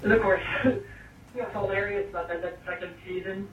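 A man's voice: high voice, steady tone, normal speed, fairly bright tone, a little hiss or hum. A man leaving a loose, chatty voice message with fillers and asides. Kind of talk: casual voicemail. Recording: message played over a speaker, distant and echoey.

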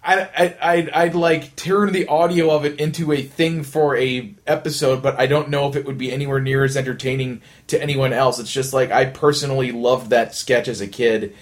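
Man rambling through an animated anecdote. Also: medium pitch. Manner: rambling, animated storytelling with many restarts and quick impressions. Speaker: podcast host. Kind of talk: casual chat.

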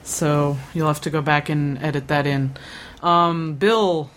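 A woman's voice: deep voice, steady tone, a little slow. A woman co-hosting a podcast in casual chat, laid-back and dryly dismissive in banter. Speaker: podcast co-host.

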